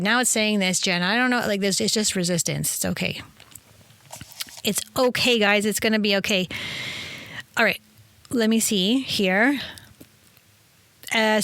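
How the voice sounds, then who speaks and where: Chatty excited woman rambling about spirit stuff, dry close sound. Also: mid-range voice, no room sound. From Italian heritage. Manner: energetic, effusive, rambling. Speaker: spiritual teacher and podcast host. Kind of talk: casual inspirational monologue.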